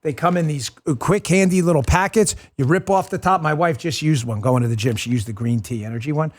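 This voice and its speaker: A male political talk-show host with a somewhat high voice for a man. He talks fast and combatively, with a sarcastic edge, pushing his points hard.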